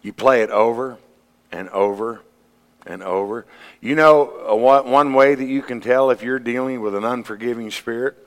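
A man preaching a sermon, earnest, climbing to emphatic peaks and then dropping low. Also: fairly even intonation, normal speed, hardly any pauses. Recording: long hall reverb.

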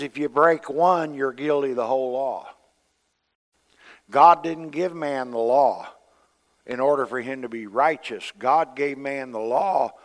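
A man preaching a sermon in a conversational way, acting out the voices he quotes and swinging between loud and soft. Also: mid-range voice. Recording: long hall reverb.

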